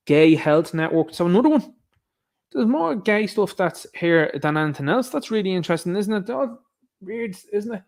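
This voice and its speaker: A man's voice: high-pitched, big pitch swings, moderate pace. A man with an Irish accent giving a casual monologue commentary, sarcastic and full of rhetorical questions. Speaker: online commentator.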